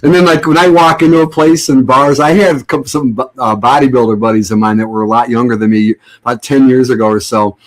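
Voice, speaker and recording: A man's voice: medium pitch, fairly even intonation, a little fast, hardly any pauses. Sarcastic rambling middle-aged man. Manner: sarcastic, joking, rambling with restarts. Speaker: livestream host. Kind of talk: casual rambling chat to viewers.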